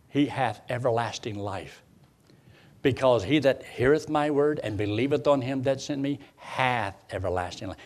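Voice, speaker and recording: A man's voice: mid-range voice, a little mellow. A man preaching a sermon, quoting scripture in old-style wording and repeating phrases for emphasis.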